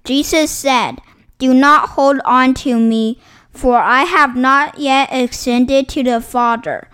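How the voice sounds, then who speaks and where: A woman reading Bible passages aloud in a slow, formal, measured way, setting each phrase apart. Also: high voice, fairly bright tone, clean tone. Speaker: scripture reader.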